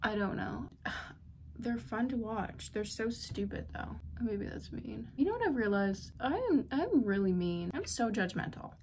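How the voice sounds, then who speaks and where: A woman's voice: a little high, animated, measured pace, darkish tone, a little hiss or hum. Teen girl vlogger, put-on Southern country accent, rambling casual chat, self-deprecating. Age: teens. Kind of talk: casual vlog while doing makeup.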